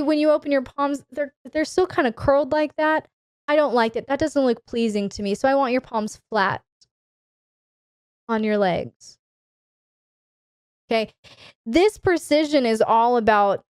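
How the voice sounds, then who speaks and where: A woman with a fairly high, smooth, clear voice gives advice on a live stream, slow and measured. She speaks with commanding authority and leans on words for emphasis. The sound is close and dry. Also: dry recording. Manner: commanding, deliberate, instructive emphasis. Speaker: dominatrix coach hosting a live Q&A.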